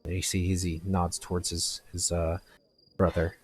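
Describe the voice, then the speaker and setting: A man with a very low voice runs a tabletop game, describing scenes in a halting way with many restarts. His delivery is loose and unscripted, and faint noise sits behind it. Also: flat delivery. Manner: halting, full of fillers and restarts. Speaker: game master.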